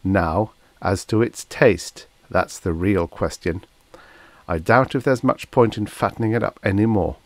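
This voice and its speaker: A man's voice: lowish voice, measured pace, no echo. A man reading as a brusque starship captain. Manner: brusque and commanding. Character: stern, suspicious male starship captain.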